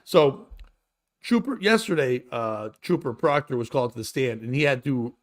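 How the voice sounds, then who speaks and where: A man's voice: medium pitch, expressive, moderate pace. Rambling, jokey male podcast host. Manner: rambling, jokey, swearing, often laughing. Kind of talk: casual comedy chat.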